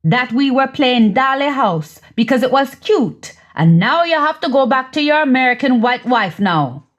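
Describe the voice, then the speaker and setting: A woman's voice: high voice, lively intonation, moderate pace. Woman voicing a fiery woman. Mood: furious. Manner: cursing, biting, sarcastic. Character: fiery young Jamaican woman, hurt and sharp-tongued.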